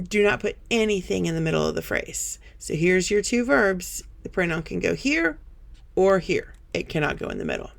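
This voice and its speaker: A woman teaching a Spanish grammar lesson over slides, patiently explaining step by step and telling students to pause and practice. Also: lowish voice, gravelly.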